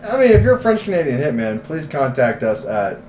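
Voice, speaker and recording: A man co-hosting a podcast in casual chat, laughing often, swearing and telling animated stories. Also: medium pitch, a little fast. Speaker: podcast co-host. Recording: echoey room with background noise.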